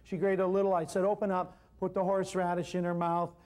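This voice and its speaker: High-voiced man telling a lively story. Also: fast. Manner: animated storyteller, addresses audience directly. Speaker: natural healing speaker. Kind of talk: storytelling seminar talk. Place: seminar hall with audience.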